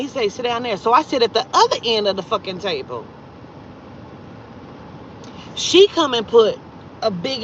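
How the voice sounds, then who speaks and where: Woman spilling a crazy story, cussing nonstop, voice jumps way up when she gets heated, muffled audio w/ faint traffic behind. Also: fairly high pitch. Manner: profane, animated retelling with loud exasperated outbursts. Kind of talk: casual storytime vlog.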